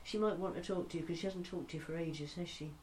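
An older woman presenting a talking newspaper, chatting to listeners in a fond, gently humorous way. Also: fairly low pitch, fast. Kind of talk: casual chat to listeners.

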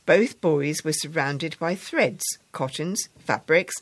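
A woman reads a story aloud to an audience in a warm, measured way. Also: sits low, no echo.

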